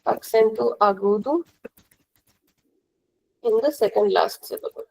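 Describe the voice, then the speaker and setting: Young female teacher, Indian accent, slightly high voice with gravelly fry, patient and repetitive classroom explaining. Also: measured pace, a little mellow, low-quality recording. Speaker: language teacher.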